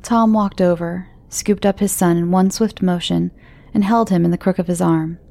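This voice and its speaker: A woman tells a horror story in a calm, measured voice. Her voice sits low and has a gravelly edge. She sounds steady throughout. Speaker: narrator. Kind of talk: scripted horror narration.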